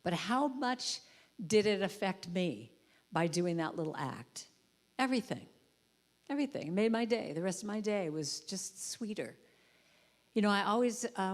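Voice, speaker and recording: A woman giving a storytelling sermon in a church, acting out the voices in her stories. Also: mid-range voice. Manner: warm conversational storytelling, acts out voices. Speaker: guest speaker and musician. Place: church sanctuary.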